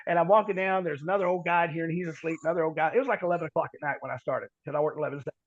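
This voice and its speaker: Male podcast guest, rambling folksy storyteller, high voice, muffled sound. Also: fairly even intonation, very fast, hardly any pauses. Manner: rambling, self-correcting, folksy. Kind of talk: casual storytelling.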